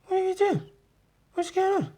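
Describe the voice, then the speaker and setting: A man's voice: very high-pitched, fairly even intonation, normal speed, warm tone, pitched above the performer's own voice. A man voicing a tiny, scared male goblin, stammering in panic. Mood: panicked.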